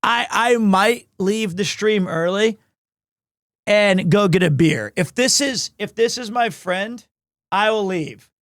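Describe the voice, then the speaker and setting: Live-streaming from home, a man chats casually with his viewers, rambling, excitable and self-deprecating. His voice is high-pitched and slow, with no room sound.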